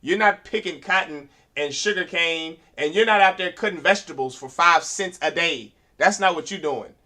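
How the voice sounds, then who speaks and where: A man teaching a class in an emphatic preaching style, asking rhetorical questions and rising to loud, forceful delivery. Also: on the high side, normal speed. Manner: uses rhetorical questions and quoted voices.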